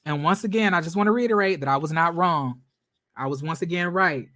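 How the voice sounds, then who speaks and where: A man vlogging reaction commentary in a sassy, slangy way, swinging between loud outbursts and muttered asides. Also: on the high side, fairly quick, dry recording, clean studio sound.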